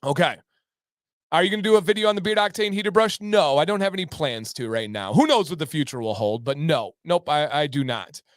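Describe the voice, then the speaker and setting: Upbeat high-voiced male livestream host. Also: expressive, fairly quick, no room sound, studio quality. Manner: upbeat, reads chat aloud and breaks into playful raps. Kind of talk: casual livestream chat.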